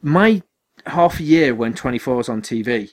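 A young man co-hosting a podcast in casual chat, excitable and rambling, with many restarts and fillers. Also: medium pitch, moderate pace, poor audio. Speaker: podcast co-host.

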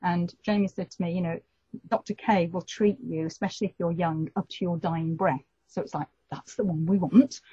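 A middle-aged woman, telling a personal story in an interview and lively acting out the voices of the people in it. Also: lowish voice, normal speed, slightly rough, dry recording. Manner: animated storyteller, acts out quoted voices. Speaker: guest telling her story. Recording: dull lo-fi recording.

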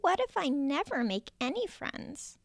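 A woman's voice: sits high, big pitch swings, unhurried, vocal fry, no room sound, clean studio sound, pitched above the performer's own voice, heavily acted. A woman voicing a shy, lonely young turtle boy who speaks timidly with a quavering voice, in a storybook reading.

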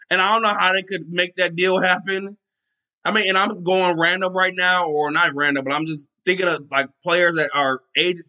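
A man talks through his own sports podcast in a loose, unscripted way, worked up and rambling and restarting his sentences mid-thought. His voice sits a little higher than most men's and has a bright, forceful edge. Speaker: podcast host. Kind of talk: casual sports podcast talk.

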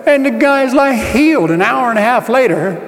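A man preaching a sermon, telling a story with acted-out dialogue and rising to shouts. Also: very high voice, expressive, moderate pace, big-room sound. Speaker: pastor.

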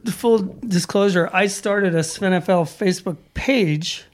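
A man's voice: high-pitched, a little slow. A man co-hosting a podcast, chatting casually and reading listener messages aloud in a laid-back, joking way. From Sweden. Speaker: podcast co-host.

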